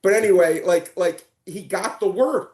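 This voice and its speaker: A man on a casual sports podcast, telling animated stories with lots of stumbling restarts. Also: sits high, moderate pace, echoey room. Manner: animated storyteller, stumbling restarts and excited retelling. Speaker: guest.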